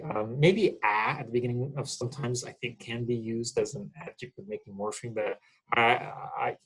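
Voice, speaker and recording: A man's voice: medium pitch, breathy edge, rough recording. A middle-aged man, a college English instructor, explains grammar in a casual recorded lecture, often checking in with "okay?".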